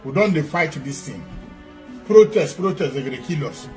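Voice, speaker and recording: A man with a Nigerian Pidgin accent speaks as a church activist in a slightly higher register. He pleads emphatically, firing off repeated rhetorical questions, while faint music plays underneath. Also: expressive, fairly quick. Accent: Nigerian Pidgin English. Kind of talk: impassioned appeal to camera.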